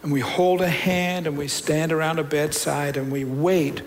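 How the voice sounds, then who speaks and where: A man preaching a sermon as a pastor, retelling scripture in a conversational, storytelling way with loud peaks and quiet stretches. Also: fairly high pitch, fairly even intonation, normal speed, slight background noise, poor audio.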